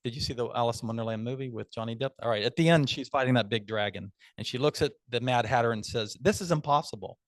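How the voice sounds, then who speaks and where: A man's voice: medium pitch, steady tone, fast, hardly any pauses, no echo. Dry, chatty man hosting a club meeting. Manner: chatty, upbeat, storytelling asides. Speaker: table topics master.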